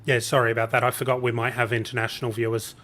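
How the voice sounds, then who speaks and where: A man calmly explaining context on a livestream, with a few hesitant fillers. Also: medium pitch, very fast.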